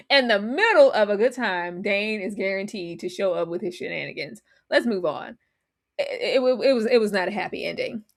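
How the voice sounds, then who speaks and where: Animated woman reviewing a movie. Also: normal speed, creaky. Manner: animated, acts out characters' lines with big pitch jumps. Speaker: podcast co-host. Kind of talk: casual movie review chat.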